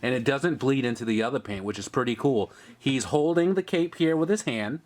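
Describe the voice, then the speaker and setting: An upbeat man hosts a casual toy review at an ordinary mid-range pitch. He chats easily and explains paint and details as he turns each figure around. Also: fairly quick, a little mellow. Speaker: host of a toy review channel.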